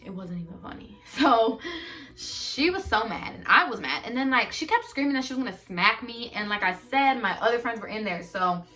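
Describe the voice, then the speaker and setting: A woman's voice: on the high side, moderate pace, far from the mic, faint music behind. A teenage girl casually telling a profane storytime, acting out what people said. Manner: animated, profane, acts out quotes loudly. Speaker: storyteller vlogger.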